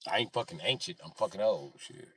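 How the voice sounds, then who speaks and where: Low-voiced, profane man rambling on a live stream. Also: lively intonation, brisk, fairly bright tone, husky, no room sound, recorded from a distance. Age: 30s. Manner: profane, rambling, talks back to chat. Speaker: livestream host. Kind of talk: casual live-stream chat.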